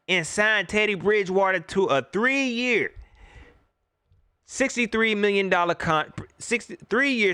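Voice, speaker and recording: A man's voice: sits high, pushed and bright, clean tone, no room sound, clean studio sound. A middle-aged man hosting a livestream, ranting animatedly about sports and greeting viewers in the chat by name. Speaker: host. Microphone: laptop mic.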